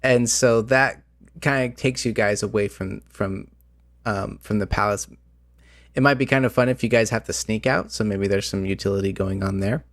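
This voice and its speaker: A man's voice: lowish voice, moderate pace, no echo. Podcast host, male, chatty game master, rambling delivery, a bit worn out, dry close sound. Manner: rambling, many fillers and restarts. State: voice slightly going out. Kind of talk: casual chat about tabletop games.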